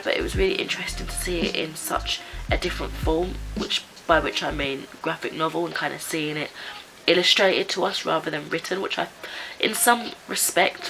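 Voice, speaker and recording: A woman with a raspy, stuffed-up voice from a cold, chatting casually through a book review with lots of fillers and restarts. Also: lowish voice, bright, forceful tone, a little hiss or hum, poor audio. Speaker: book vlogger. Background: background music.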